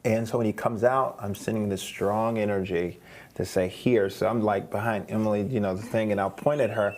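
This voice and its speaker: A man's voice: on the low side, fairly even intonation, normal speed, darkish tone. A man, a guest singer, telling a long story in a studio interview, rambling, with many restarts and repeated words. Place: streaming studio.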